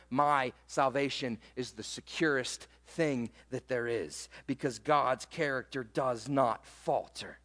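Man, pastor, high voice, emphatic sermon delivery, long church-hall reverb. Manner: emphatic preaching, slows down to read scripture.

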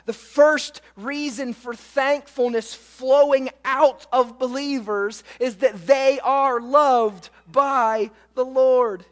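A man's voice: very high-pitched, a little slow, hardly any pauses, a bit bright. A man preaching a sermon, emphatic and full of rhetorical questions to his listeners. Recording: long hall reverb.

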